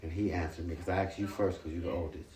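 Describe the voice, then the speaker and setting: Deep-voiced man, far off in an echoey room. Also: steady tone, quick pace, darkish tone. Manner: earnest, repetitive, plain-spoken. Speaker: father speaking to his sons. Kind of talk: home family talk, lecturing and apologizing. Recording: echoey room, far from the mic, faint hiss.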